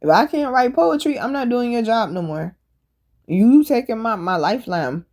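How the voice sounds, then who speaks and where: Woman, storytelling host, animated, profane, laughing. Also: on the high side, normal speed. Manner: animated, profane, laughs while telling stories. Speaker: podcast host. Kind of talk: casual storytelling monologue.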